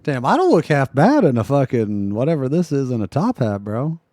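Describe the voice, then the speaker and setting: A young man streaming live, reacting loudly with blunt, profane jokes and laughter. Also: medium pitch, very animated, moderate pace, noisy background.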